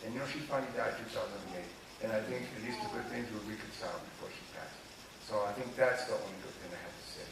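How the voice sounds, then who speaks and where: A man of around 60 from Los Angeles, an author telling candid personal stories in an interview, animated and confiding and often checking that the listener follows. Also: lowish voice, quick pace, creaky. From Los Angeles, USA. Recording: echoey room, distant mic, noisy ambience.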